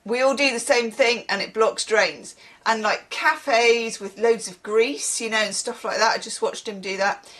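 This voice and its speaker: A woman's voice: fairly high pitch, measured pace. Lady doing a chatty tarot reading, wanders off on tangents a lot. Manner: rambling, chatty, animated asides. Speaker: tarot reader.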